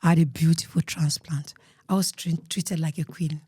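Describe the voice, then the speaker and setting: A woman with a Cameroonian accent telling her life story as an interview guest, earnest and emotional, often dropping to a soft murmur. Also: deep voice, fairly even intonation, normal speed, husky, no echo, clean studio sound.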